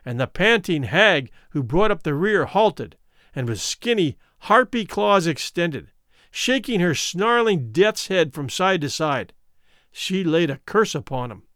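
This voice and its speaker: Male story narrator, dramatic and expressive, slightly high voice, very lively pitch. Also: a little slow, no room sound, studio quality. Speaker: audiobook narrator.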